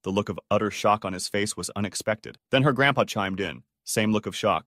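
A man reading out online stories in a lively scripted narration. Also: lowish voice, fairly quick, hardly any pauses, no echo, studio quality.

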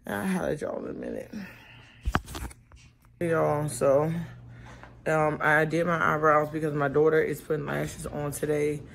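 A woman's voice: low voice, level tone, unhurried, vocal fry, long pauses, a little hiss or hum. A woman in her forties chatting casually to her viewers at home and in the car. She rambles, talks straight to camera, and cannot open her mouth fully after tooth extractions. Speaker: vlogger and mother. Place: at home, later in a parked car.

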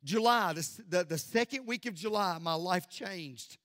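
Impassioned pastor, high voice. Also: male voice, unhurried, no echo, clean studio sound. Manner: impassioned preaching that swings from loud declarations to hushed near-whispers. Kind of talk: sermon. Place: church sanctuary.

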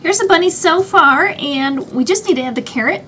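A woman's voice: extremely high pitch, lively intonation, normal speed, pushed and bright, a little hiss or hum. A woman hosting a craft tutorial, chatting through each step as she works with her hands. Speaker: craft channel host.

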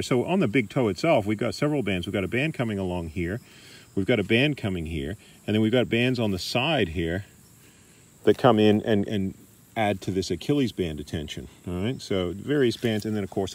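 A middle-aged Australian man demonstrating massage techniques in a relaxed, chatty way, recorded in a park. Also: lowish voice, husky. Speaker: massage teacher. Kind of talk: casual demonstration. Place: park outdoors.

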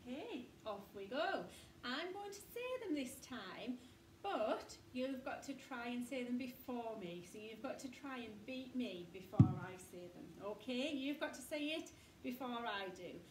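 A woman teaching a phonics lesson to young children, slow, sing-song and encouraging. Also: a little high, lively intonation, slight background noise.

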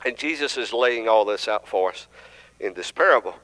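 A man's voice: on the low side, animated, moderate pace, fairly bright tone, rough recording. A man preaching a sermon in a church, teaching conversationally and asking the congregation questions. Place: church sanctuary.

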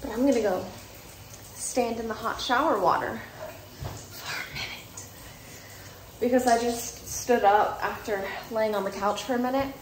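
A woman's voice: fairly high pitch, unhurried, long pauses. Rambling young woman vlogging, roomy sound. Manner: rambling, self-correcting. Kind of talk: casual chat to camera. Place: home at night. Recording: roomy with faint noise.

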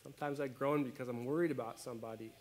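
A man preaching a sermon as pastor, conversational and animated, often checking in with his listeners. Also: mid-range voice, racing. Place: church.

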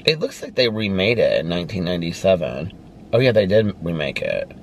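Chatty low-voiced man in a car. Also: sing-song, brisk, slight background noise. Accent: American Midwest. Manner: chatty, rambling, addresses viewers as you guys. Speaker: vlogger. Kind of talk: casual vlog chat. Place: parked car.

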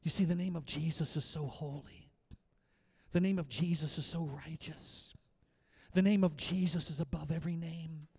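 A high-pitched middle-aged man preaching a sermon as pastor. He drops to quiet, confiding asides, then rises into loud, repeated declarations of emphasis. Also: steady tone, normal speed, creaky, slightly rough.

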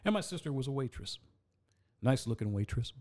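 A man telling an animated story as a podcast guest in a studio, laughing as he goes. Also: medium pitch, fairly quick. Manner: animated storyteller, laughs through his tale. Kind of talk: casual storytelling.

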